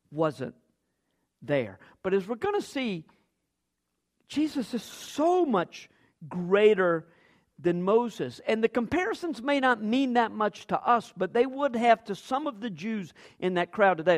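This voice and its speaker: Male pastor, sermon, high voice, very lively pitch, acts out voices. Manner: animated, acts out quoted voices with big pitch jumps.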